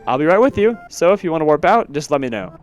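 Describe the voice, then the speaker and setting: A man's voice: fairly high pitch, very animated, quick pace, muffled recording, soft background music, voice pushed up. Man doing a genteel bird lady. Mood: delighted. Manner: genteel and polite. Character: polite, old-fashioned female bird creature.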